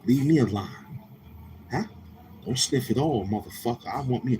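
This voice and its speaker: A man's voice: medium pitch, moderate pace, background noise. A man from Queens with a New York accent, hosting a casual livestream and talking to viewers in a brash, profane, confrontational way. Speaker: livestream host.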